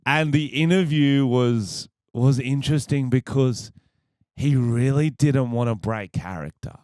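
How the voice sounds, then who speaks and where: A man's voice: medium pitch, unhurried, a little mellow, smooth, no echo, studio quality. A man with an Australian accent hosting a podcast, telling stories casually, profane and rambling, laughing at his own jokes. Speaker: podcast host.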